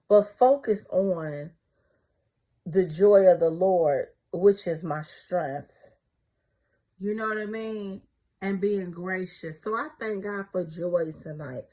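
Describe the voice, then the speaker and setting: A woman's voice: medium pitch, darkish tone. A middle-aged woman speaking spontaneously to her viewers, giving fervent, repetitive devotional encouragement with casual asides. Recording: slightly dull lo-fi recording.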